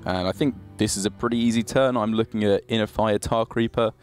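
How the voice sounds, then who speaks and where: A man's voice: lowish voice, steady tone, fairly quick, faint music behind. A man giving analytical live commentary on a card game tournament, laughing easily between plays. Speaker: esports caster.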